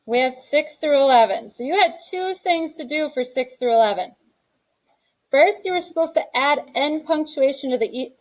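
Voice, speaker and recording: A woman's voice: on the high side, a little mellow, rough recording. A young adult woman teaching a grammar lesson in a classroom, reading each exercise aloud and then explaining the answer.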